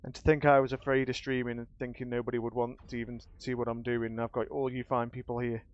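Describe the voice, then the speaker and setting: A man's voice: mid-range voice, level tone, fast talker. A man live-streaming a game, chatting casually and emotionally with his viewers, rambling and restarting as he thanks them. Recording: dull lo-fi stream audio with faint music.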